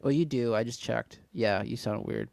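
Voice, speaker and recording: A man co-hosting a casual podcast chat, joking and laughing often in quick bursts. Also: medium pitch, gravelly, a little mellow, clean tone, no room sound. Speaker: podcast co-host.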